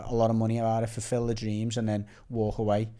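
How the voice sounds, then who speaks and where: Low mellow-voiced man chatting sport. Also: completely flat delivery, quick pace, clean tone. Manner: rambling, restarts phrases, agreeable. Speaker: podcast guest. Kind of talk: casual sports chat.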